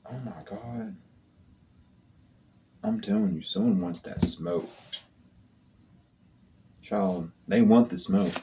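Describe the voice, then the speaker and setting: A man's voice: fairly low pitch, slow pace, long pauses, warm tone, a little hiss or hum. A man talking straight to his viewers as a spiritual reader, in a blunt, profane, scolding way. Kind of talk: casual monologue to viewers.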